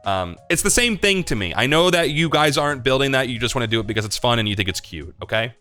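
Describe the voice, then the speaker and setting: A young man hosting a livestream, answering chat questions in rambling, confessional casual talk, swearing freely and filling pauses with "like" and "um.". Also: mid-range voice, expressive, sharp tone, faint music behind.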